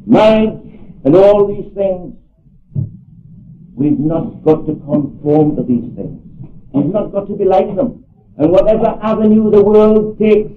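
Older man preaching, high, echoey and tinny. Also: lively intonation, unhurried, pauses often. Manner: earnest, emphatic, repeats phrases for stress. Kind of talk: sermon. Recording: echoey hall over a tinny phone-like line.

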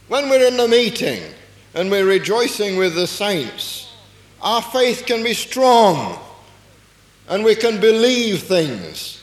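Male preacher, earnest sermon, rhetorical questions, unhurried delivery, roomy reverberant hall. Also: high voice. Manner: slow, earnest Bible exposition with rhetorical questions. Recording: echoey hall with long reverb.

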